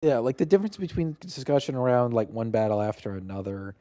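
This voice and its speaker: A man's voice: mid-range voice, quick pace. A man co-hosting a podcast, talking loosely about films with lots of fillers. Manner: loose, filler-heavy, animated film criticism. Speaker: podcast co-host. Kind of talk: casual chat.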